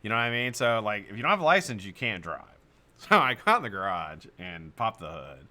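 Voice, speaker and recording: Animated, bright-voiced male stream host. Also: on the low side, a little fast. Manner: animated, profane, laughs often. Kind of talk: casual storytelling to a live chat.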